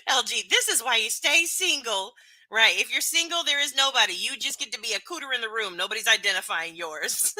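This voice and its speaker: A woman's voice: on the high side, expressive, moderate pace, pauses often, sharp tone, dry recording. A woman streamer chatting casually with her live chat and reading comments aloud, laughing often between remarks. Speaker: livestreamer.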